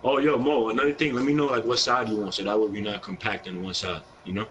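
On a low-quality recording, a young New York gaming streamer talks fast in a lowish, steady, slightly bright voice. He's live-streaming a basketball video game and hurling brash, profane, aggressive trash talk.

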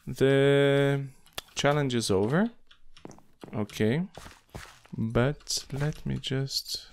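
Male gameplay commentator with a gravelly voice who mumbles to himself as he plays. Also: medium pitch. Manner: muttering to himself while playing, slow and halting. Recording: noisy home recording with keyboard and mouse clicks.

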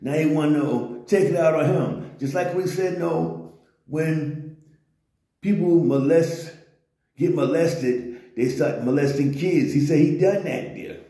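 A man's voice: a little high, a little slow, dark tone. A man ranting in loose slangy commentary on a vlog, often tossing in "you know what I'm saying.". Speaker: vlogger. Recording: very echoey room.

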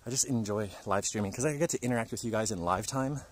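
A man's voice: on the low side, fast talker, slight background noise. A man livestreaming in a park forest, chatting and joking with his viewers. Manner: chatty, jokey, talks to viewers. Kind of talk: casual livestream chat.

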